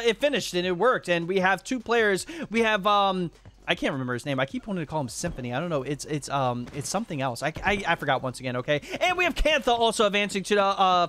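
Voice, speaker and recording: A man giving excitable live commentary over a match, rattling along at speed in a high voice. He rambles and trips over player names as he goes. Faint clicking sounds sit behind him. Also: a little hiss or hum. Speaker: gaming channel host.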